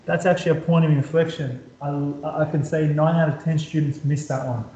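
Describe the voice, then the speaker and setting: Male maths tutor with a slightly high voice, talks while sketching graphs, echoey room. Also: steady tone, fairly quick, a little mellow, highs cut off. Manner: talks while drawing, repeats words, quizzes the student. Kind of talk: whiteboard calculus lesson.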